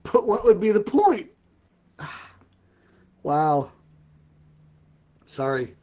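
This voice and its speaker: A man's voice: high voice, big pitch swings, drawn-out words, mellow, highs cut off. An older man hosting a casual live stream for a ministry, telling puns and repeatedly breaking into laughter at his own jokes. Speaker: ministry host. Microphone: live-stream setup.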